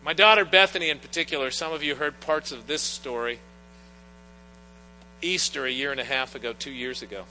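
Faint music plays behind a middle-aged pastor whose medium-pitched voice is pushed, bright and a little fast. He preaches earnestly in a church sanctuary, drawing on personal anecdotes, with long reverb and a faint mains hum.

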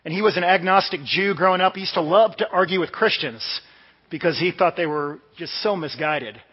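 A man's voice: sits high, brisk, breathy edge. A man from the Washington DC area preaching a sermon in a conversational, storytelling way. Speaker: pastor. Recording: dull sound with long hall reverb.

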